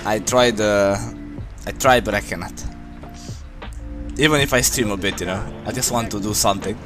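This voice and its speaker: A man's voice: on the low side, moderate pace. A young man from Romania, a streamer chatting casually with his viewers, rambling with many fillers, music playing behind him.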